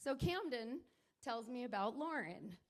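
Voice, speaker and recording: A woman's voice: a little high, very animated, a little slow. A middle-aged woman, the groom's mother, giving a wedding toast at a reception, rambling and laughing through tears.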